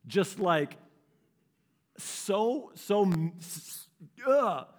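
A man preaching a sermon with a fairly high, animated voice. He speaks to the congregation directly and tells a personal story, acting out what he felt at the time. He sounds like a young adult. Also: extremely slow. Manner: storytelling, animated, acts out his own past reactions. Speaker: pastor.

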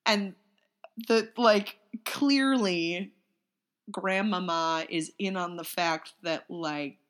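A woman chatting casually about a movie, animated and jokey. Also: on the low side, slow. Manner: animated, jokey, does silly voices.

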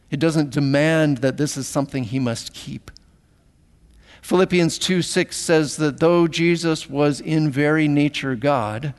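Preaching man in an echoing hall. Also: fairly high pitch. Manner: animated preaching with emphatic repetition. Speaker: pastor. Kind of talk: sermon. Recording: long reverb of a hall.

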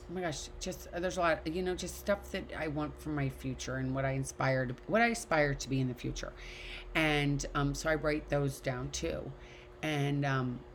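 She talks to her online students through a video call mic, casual and frank, cursing without hesitation and voicing her opinions; her voice is low and middle-aged, with light background hiss underneath.

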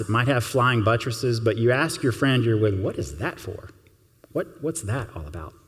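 A man preaching a sermon as pastor, earnest and gentle, with measured pauses. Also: mid-range voice, long reverb tail.

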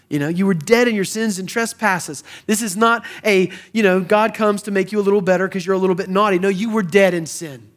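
A man preaching a sermon, swinging between hushed and emphatic delivery. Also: high voice. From American South. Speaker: pastor.

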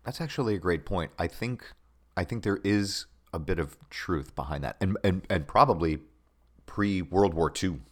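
A man's voice: sits low, moderate pace. A man co-hosting a podcast, chatting casually and animatedly about an old TV show. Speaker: podcast co-host. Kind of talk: casual chat.

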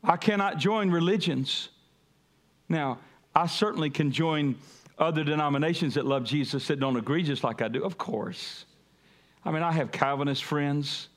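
A pastor preaching a sermon, calling on the congregation to repeat after him and building to emphatic peaks. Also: male voice, on the high side. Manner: call-and-response preaching, rising to emphatic peaks.

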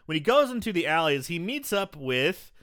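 A man's voice: fairly high pitch, very animated, moderate pace, fairly bright tone. A man in casual chat, retelling a horror movie's scenes with swearing and jokes. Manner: swearing, joking, retells scenes in put-on voices. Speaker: podcast co-host.

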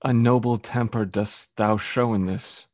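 A man reading the part of a French prince in a Shakespeare read-through, formal and measured in the verse. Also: on the low side, steady tone, a little mellow, no echo, studio quality, close to an everyday voice. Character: French prince addressing allied lords. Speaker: guest reader.

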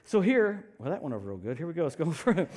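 Middle-aged guy preaching, kinda high voice, jokes around, yells then goes quiet. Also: fast. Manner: animated, jokey, shifts from shouting to hushed. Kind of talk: sermon.

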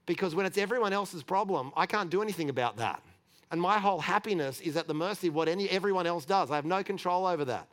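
A man's voice: high-pitched, fast talker, a bit bright. A middle-aged man preaching in a chatty, candid way, telling personal stories with light laughs and restarts. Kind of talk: conversational sermon storytelling.

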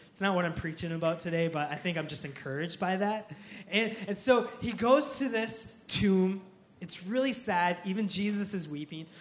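A man preaching a sermon in a high voice, animated and storytelling. He acts out the quotes and laughs along as he goes. The sound carries the echo of the room. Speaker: pastor.

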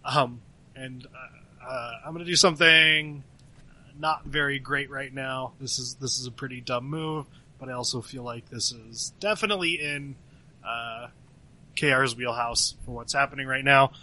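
Bright-voiced man, rambling player. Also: mid-range voice, normal speed, rough recording. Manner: rambling, filler-heavy with many likes. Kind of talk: narrating a character in a tabletop game.

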